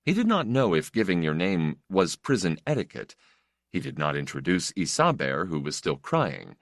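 In a dry, clean studio recording, a deep-voiced male narrator reads an audiobook. His storytelling stays measured and even.

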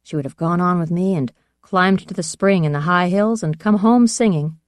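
An audiobook narrator reading a first-person fantasy novel in a measured, even storytelling manner. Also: medium pitch, clear, resonant tone, no echo, studio quality.

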